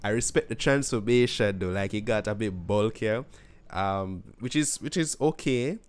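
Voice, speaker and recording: A man's voice: lowish voice, normal speed, clean tone. A man from Jamaica hosting a podcast in a loose, slangy casual chat. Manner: loose, slangy, with bro and fam. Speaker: podcast host.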